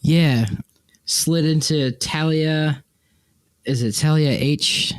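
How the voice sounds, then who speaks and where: A man co-hosting a podcast, telling a story in casual chat, lively and swearing, acting out the people he quotes. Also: a little high, slow, clean tone, no room sound. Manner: animated, swearing, quotes people in exaggerated voices. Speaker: podcast co-host.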